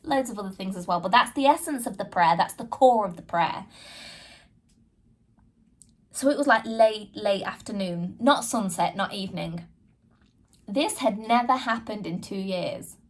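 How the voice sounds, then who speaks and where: A podcast host speaks frankly and earnestly to her listeners, sharing a personal story and acting out her own past conversations. Her voice is medium-pitched with lively intonation, delivered at a measured pace with long pauses.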